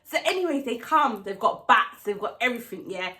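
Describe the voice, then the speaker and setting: A young woman telling a storytime vlog, acting out what people said with shouts and laughs. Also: on the high side, brisk. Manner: animated storytelling, acts out quotes with shouts and laughs. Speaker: vlogger.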